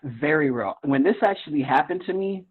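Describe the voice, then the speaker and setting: His voice sits on the high side, slightly rough, animated and fairly quick. The man is a podcast guest earnestly relating something personal and loudly acting out his former reactions, over a tinny phone line with faint music.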